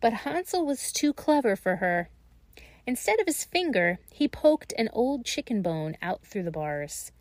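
A woman reading a fairy tale aloud in a slow, gentle and expressive way. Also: on the high side, no room sound. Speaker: storyteller.

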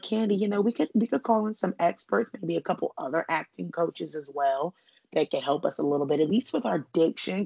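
A woman's voice: low-pitched, vocal fry, a little mellow, no room sound, rough recording. A woman hosting a podcast in casual, chatty conversation, laughing often. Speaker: podcast host.

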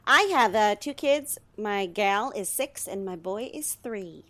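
A woman's voice: medium pitch, lively intonation, a little slow, pushed and bright. Easygoing woman co-host, noisy clicky line. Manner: easygoing, joking along. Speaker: guest co-host. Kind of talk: casual chat.

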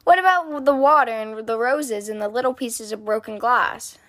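A woman voicing a squabbling little girl bear cub in a storybook reading, high and whiny in protest. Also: normal speed, a bit bright, natural voice.

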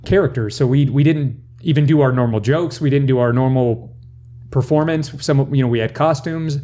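A man's voice: medium pitch, moderate pace, warm tone. A man hosting a podcast in a casual round-table chat, rambling and often restarting his sentences. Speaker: podcast host.

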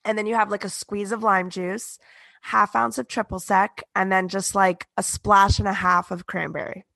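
A woman's voice: medium pitch, flat delivery, normal speed, creaky, sharp tone, no echo. A woman co-hosting a casual podcast, tired and congested with a morning voice, talking in an offhand way. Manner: groggy, offhand. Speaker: podcast co-host, bartender. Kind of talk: casual chat.

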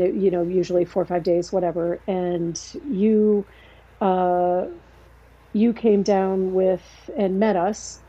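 A woman, the host's sister, telling a family story in a rambling, casual way with many fillers and restarts. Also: mid-range voice. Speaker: podcast guest, host's sister. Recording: muffled, lo-fi podcast recording.

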